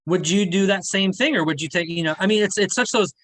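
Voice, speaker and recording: A man's voice: high voice, fast talker, a bit bright. A man hosting a casual film review chat, talking enthusiastically and often saying "to me". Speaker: film review show host.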